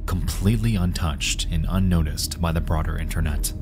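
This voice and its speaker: A man narrates in a deep, low register. His delivery is measured and ominous, like a scripted mystery documentary. Clear background music runs beneath his voice.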